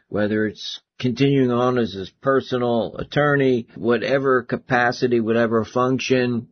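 A male host delivering an opinionated political commentary monologue, talking in halting bursts with frequent restarts. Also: medium pitch, muffled recording.

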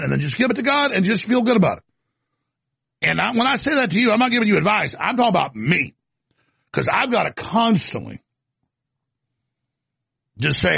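Male show host with a husky, somewhat high voice, talking off the cuff in long, rambling stretches with stuttered restarts. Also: very animated, normal speed, long pauses, pushed and bright, no echo. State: coughing, throat irritated. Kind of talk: off-the-cuff commentary monologue.

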